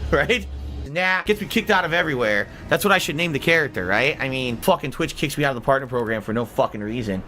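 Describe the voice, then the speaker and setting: A man streaming a video game, ranting angrily and swearing heavily, lurching from loud outbursts to low grumbles. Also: lively intonation, a little fast, a little hiss or hum. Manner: angry, profane ranting; swings between high outbursts and low grumbles. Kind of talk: gaming livestream commentary.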